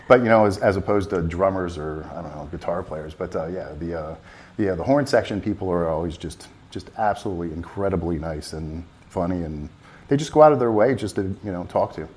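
A man telling a long story in an interview, rambling and animated with many restarts. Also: low-pitched, fairly quick. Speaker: festival volunteer driver.

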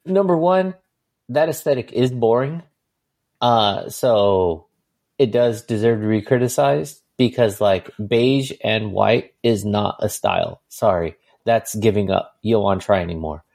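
A podcast co-host giving casual opinions, animated and profane, often laughing. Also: male voice, on the low side, a little slow, creaky. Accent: Californian. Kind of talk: casual chat.

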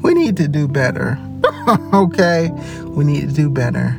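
A man hosts a loose, casual podcast in a fairly high voice. He tells stories with plenty of swearing and breaks into laughter often. Music plays clearly in the background. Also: a little slow. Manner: profane, laughs often, animated storyteller. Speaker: podcast host and ambulance worker.

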